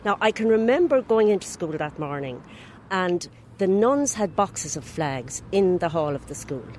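An older woman, a retired teacher recalling events in a brisk, matter-of-fact way. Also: on the low side, expressive, darkish tone, slight background noise. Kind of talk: interview recollection.

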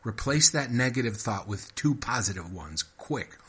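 A man voicing a pushy woman who coaches in positive-thinking slogans, pitching his voice up and louder. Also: lively intonation, normal speed, breathy edge. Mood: coaching, insistent. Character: pushy upbeat woman full of self-help talk.

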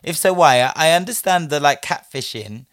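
A man's voice: a little high, animated, normal speed, fairly bright tone, no room sound, clean studio sound. A man giving chatty, sassy commentary on a listener's story, peppering his talk with "like" and frequent laughs. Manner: chatty and sassy, heavy use of "like", laughs often. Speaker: host answering a listener story. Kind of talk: casual commentary.

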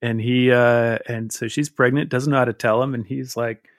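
A man's voice: medium pitch, level tone, normal speed, no room sound, clean studio sound. A man in his forties, a guest who tells a rambling, candid, self-deprecating story in casual conversation.

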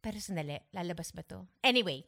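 A woman chatting on a podcast, animated and laughing, switching languages mid-sentence. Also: fairly low pitch, racing, gravelly. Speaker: podcast co-host. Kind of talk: casual chat.

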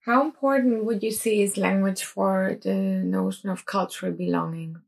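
A woman's voice: mid-range voice, fairly even intonation, normal speed, creaky, slightly rough. A woman hosting an interview, asking probing questions and choosing her words carefully. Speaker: interviewer, podcast host. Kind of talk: casual interview conversation.

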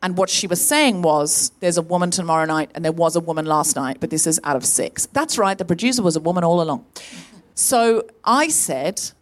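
A woman hosting a live comedy podcast on stage, telling a story with lively energy and acting out the people she quotes. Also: on the low side, fairly quick. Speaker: podcast host. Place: on stage in a tent before a live audience.

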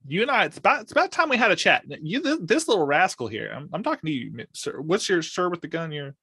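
A stammering, bluffing ship repairman, voiced by a man in a tabletop game. He talks his way around trouble with a bright, crisp voice. The recording is dry and close. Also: fairly high pitch, big pitch swings, no room sound, pitched above the performer's own voice, full character voice. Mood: scolding. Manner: stammering, fast-talking excuses.

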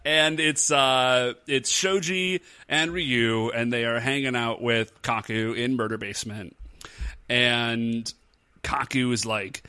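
A man's voice: medium pitch, slow pace, smooth. A man co-hosting a podcast, chatting casually and joking as he recaps a TV episode. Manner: animated, laughing, joking. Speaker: podcast co-host. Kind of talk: casual chat recapping a TV show.

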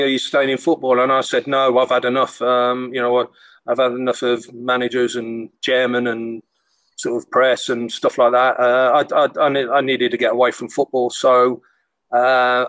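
A man's voice: mid-range voice, fairly bright tone, dry recording, low-quality recording. A middle-aged man, a former goalkeeper, telling stories casually with lots of fillers and restarts. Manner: rambling, full of fillers and restarts. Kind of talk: casual storytelling.

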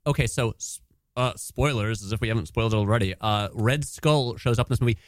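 A man's voice: mid-range voice, brisk, no room sound, studio quality. A man in casual film chat with friends, hesitant at first, then emphatic about what he noticed. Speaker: podcast co-host.

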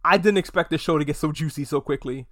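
A man hosting a podcast, recapping a TV episode in a casual, animated, profane and gossipy way, slipping into quick mock voices. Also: a little high. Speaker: podcast host.

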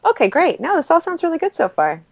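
A woman's voice: very high voice, big pitch swings, fast talker, gravelly. A woman co-hosting in casual banter, playful and joking, laughing often. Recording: dull lo-fi sound.

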